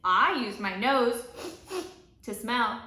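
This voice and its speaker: A young woman hosting an early-learning lesson for toddlers, talking gently in a sing-song teacher voice. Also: on the high side, takes it slowly. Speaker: children's show host. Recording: echoey room with background noise.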